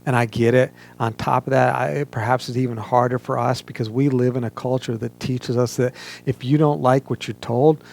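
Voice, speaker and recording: Gravelly-voiced male pastor preaching. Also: mid-range voice, steady tone, a little mellow. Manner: earnest, measured preaching with emphatic pauses. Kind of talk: sermon. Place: church, streamed online service.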